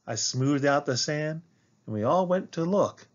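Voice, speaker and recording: A man reads a children's picture book aloud for a classroom, slow and expressive, in a mid-range voice. The recording is a little dull and muffled. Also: a little high. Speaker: read-aloud teacher.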